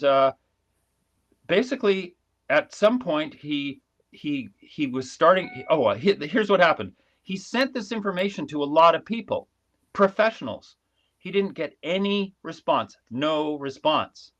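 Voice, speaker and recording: A man telling a long story in a casual live video chat from his small dark home studio, with frequent restarts. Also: a little high, animated, unhurried, lo-fi sound. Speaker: guest commentator. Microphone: video call.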